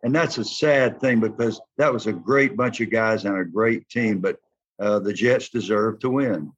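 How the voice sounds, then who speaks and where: A man's voice: on the low side, normal speed, slightly rough. Older Southern man telling football stories. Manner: folksy, animated storytelling. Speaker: interview guest, former football player. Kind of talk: storytelling interview. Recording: dull lo-fi sound.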